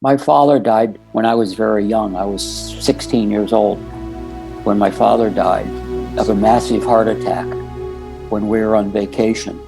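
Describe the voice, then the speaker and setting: A man's voice: lowish voice, fairly even intonation, normal speed, vocal fry, music in the background. A man in his sixties from the United States, a podcast guest telling a long story full of quoted conversations. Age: 60s. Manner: retells conversations with many quoted lines. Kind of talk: storytelling interview.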